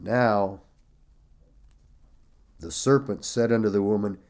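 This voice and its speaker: A man preaching a sermon, slow and emphatic, stressing and repeating key phrases while reading scripture aloud. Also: mid-range voice, expressive, a little mellow. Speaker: pastor.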